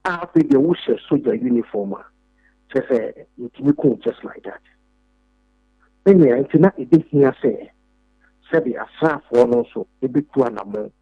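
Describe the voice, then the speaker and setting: A man's voice: medium pitch, animated, unhurried, slightly rough, dry recording, narrow, tinny audio. A man with a Ghanaian accent, a government official speaking emphatically in a radio interview, repeating filler words as he makes his points. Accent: Ghanaian English. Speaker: deputy defense minister.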